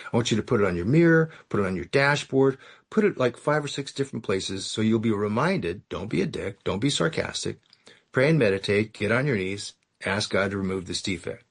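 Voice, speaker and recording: Guy sharing his story at a recovery meeting, raspy gravelly voice, wry and sarcastic about himself. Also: medium pitch. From California. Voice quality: gravelly, husky. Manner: self-mocking, sarcastic, acts out dialogue in his story.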